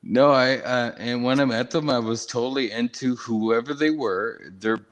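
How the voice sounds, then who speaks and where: A man's voice: mid-range voice, steady tone, normal speed. A man chatting casually with friends, laughing often and protesting teasing. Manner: laughs a lot, protests and denies. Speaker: friend on a hangout stream. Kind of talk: casual chat.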